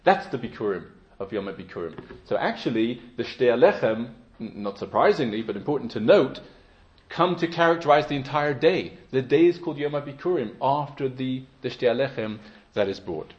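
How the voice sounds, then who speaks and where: A man teaching a Torah lecture in a measured, explanatory way, now and then rising into emphatic stresses. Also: medium pitch, lively intonation, dull audio.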